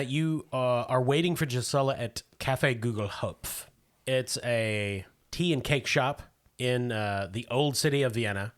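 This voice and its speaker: A man's voice: mid-range voice, a bit bright. A man running a tabletop game, narrating scenes steadily and breaking in with casual asides. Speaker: game master.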